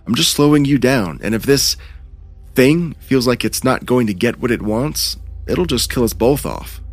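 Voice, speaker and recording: A man's voice: medium pitch, animated, normal speed, dry recording, soft background music, voice pushed up. A man narrating a horror story, voicing an injured young man who talks in a strained, pained way. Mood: grim.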